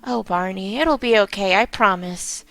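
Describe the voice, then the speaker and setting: A woman voicing a worried young mother who soothes her sick child in a gentle, tender way while reading game dialogue aloud. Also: mid-range voice, moderate pace, no echo, natural voice.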